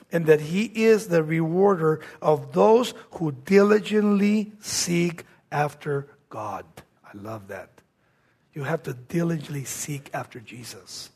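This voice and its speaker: Husky, high-voiced man preaching a sermon. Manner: swings between raised exclamations and hushed low lines.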